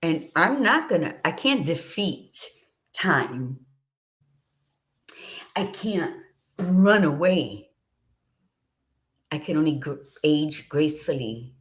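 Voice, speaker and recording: A middle-aged woman with a low voice talks with passionate, unfiltered conviction as she co-hosts her show. She swears freely and speaks from the heart in a casual, motivational way. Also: lively intonation, takes it slowly, pauses often. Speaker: podcast co-host.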